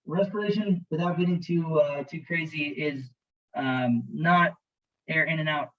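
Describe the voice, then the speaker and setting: A man's voice: on the high side, a little slow, highs cut off, a little hiss or hum. A man teaching as an EMT instructor, narrating a slideshow lecture in a jokey, conversational way and talking to students directly.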